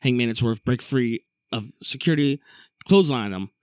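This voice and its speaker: A man hosts a casual wrestling recap podcast, running through the events in a brisk storytelling way. His voice sits in an ordinary middle range. The sound is dry and close to the mic. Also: medium pitch, dry recording. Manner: recaps matches briskly, reads an ad read. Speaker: podcast host.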